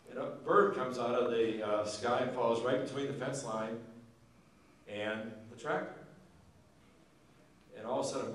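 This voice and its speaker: A man's voice: mid-range voice, a little hiss or hum. Man, after-dinner storyteller, folksy, does the characters' voices; heard from far off in a big echoing hall. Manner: folksy joke-telling, acts out characters. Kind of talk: storytelling speech. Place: large banquet hall.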